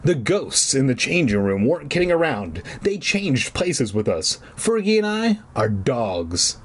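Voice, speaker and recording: A man reading a children's book aloud and breaking off for crude, deadpan comic asides. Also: mid-range voice, unhurried, breathy edge. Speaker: reader. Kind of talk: comedic read-aloud with asides.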